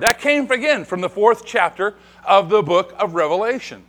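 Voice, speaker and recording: Animated, bright-voiced male preacher. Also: high voice, normal speed, noisy background. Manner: animated preaching, rising to emphatic declarations. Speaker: pastor. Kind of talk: sermon.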